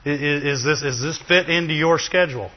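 A man preaching a sermon in a lively, chatty way, with asides to the congregation. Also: fairly high pitch, fairly quick. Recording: dull, long reverb of a hall.

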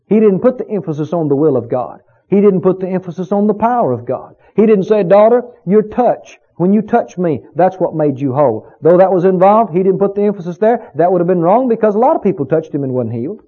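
Male preacher, high voice, rhetorical and emphatic, muffled lo-fi sound. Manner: emphatic, rhetorical questions to the congregation. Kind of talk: sermon. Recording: dull lo-fi recording.

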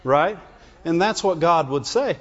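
Unhurried and animated, this pastor has a fairly high voice. He preaches conversationally in the sanctuary, peppering his sermon with "Amen?" and "Right?" for the congregation, in a dull, echoing recording.

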